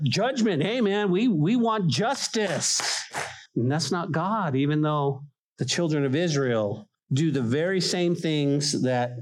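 A man preaching a sermon in a voice that sits on the higher side for a man. He talks to his congregation in a conversational, emphatic way and leans on repetition to drive his points home. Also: low-quality recording. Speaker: pastor.

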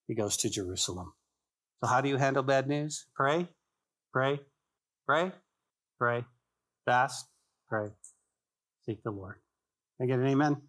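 A man of ordinary pitch preaching to his congregation in a church. He drives his points home with repetition and rhetorical questions, then loosens up with casual jokes and asides. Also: a bit bright. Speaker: pastor. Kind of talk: sermon.

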